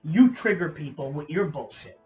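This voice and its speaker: Male streamer, slightly high voice, swears freely, heated rambling rant, faint music underneath. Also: lively intonation, normal speed, darkish tone, muffled recording. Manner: profane, heated, opinionated; rambling with restarts. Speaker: livestreamer. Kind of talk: live-stream ranting to chat.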